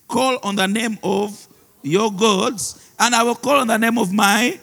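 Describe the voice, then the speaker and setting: A man's voice: sits high, fairly even intonation, measured pace, vocal fry, a bit bright. A man, a pastor preaching a sermon who laughs often and mixes in Luganda phrases. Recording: long reverb of a large hall.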